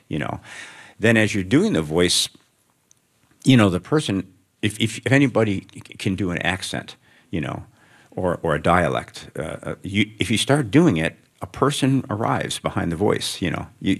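A man with a very low, deep voice talks as a writer in front of a student audience. He answers in a reflective, wandering way, slipping in wry asides. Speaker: writer, guest of an onstage interview. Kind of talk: answering questions before a live student audience.

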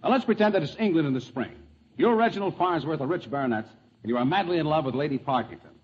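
A man hosting a 1940s radio comedy with a jovial manner and quick laughs. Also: on the high side, expressive, slightly rough. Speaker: comedy show host. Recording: lo-fi old radio broadcast with hiss.

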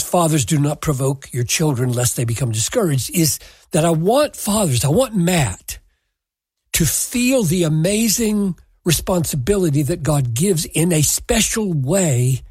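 Slow, husky Bible teacher, dry and close. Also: mid-range voice, animated, darkish tone, no echo. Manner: deliberate, emphatic, quotes scripture verbatim. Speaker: Bible teacher answering a listener question. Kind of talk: measured scriptural teaching.

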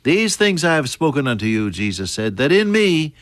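An older man preaching a sermon, earnest, dropping to a hush and then rising to emphatic peaks. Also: fairly high pitch, big pitch swings, moderate pace, no echo, studio quality.

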